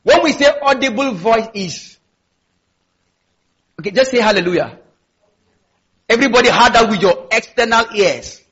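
A man's voice: very high voice, lively intonation, normal speed, pauses often, fairly bright tone, breathy edge, muffled recording. A man preaching a sermon in an emphatic style, with call-and-response asides to his congregation. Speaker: pastor.

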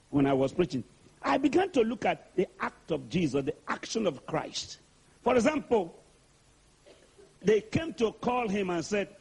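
High husky preacher guy, lively swoopy delivery, keeps asking the crowd to talk back. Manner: call-and-response, urging the congregation to answer; repetitive, rhetorical questioning. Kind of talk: sermon.

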